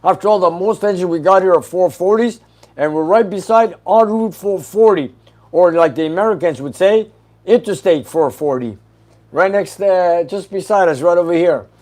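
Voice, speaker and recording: A man's voice: sits high, moderate pace, a little mellow. A man hosting a casual livestream, reading viewer comments aloud and answering them briefly with an easy laugh. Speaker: host reading live chat questions.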